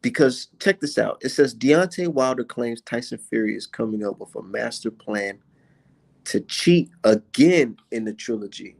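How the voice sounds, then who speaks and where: A man giving a profane, excitable reaction to boxing clips on his vlog, swearing and mocking as he talks. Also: mid-range voice, moderate pace, gravelly. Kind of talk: profane casual reaction commentary.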